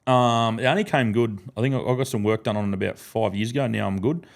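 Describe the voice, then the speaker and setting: A man's voice: lowish voice, fast, creaky. An Australian man, a guest and former ground announcer, telling stories in a casual podcast chat, swearing freely and acting out what other people said. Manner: swears freely and acts out other people's lines in his anecdotes. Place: podcast studio.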